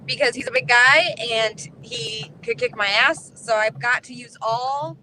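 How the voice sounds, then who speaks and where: A woman, a paranormal investigator guest, chatting casually and telling a story in quick, animated bursts from a moving vehicle. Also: fairly high pitch, a little hiss or hum, poor audio. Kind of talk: casual chat.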